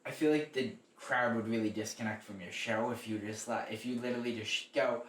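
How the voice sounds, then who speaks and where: A man's voice: lowish voice, fairly even intonation, fast talker, a bit bright. A young man co-hosting a podcast, chatting casually and rambling with lots of fillers. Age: young adult. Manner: rambling, filler-heavy talk with many "like"s. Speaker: podcast co-host. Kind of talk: casual chat. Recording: echoey room, mic at a distance.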